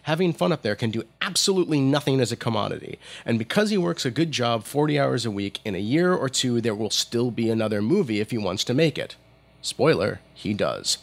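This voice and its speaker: A man narrating a commentary in an opinionated, lively way. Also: lowish voice.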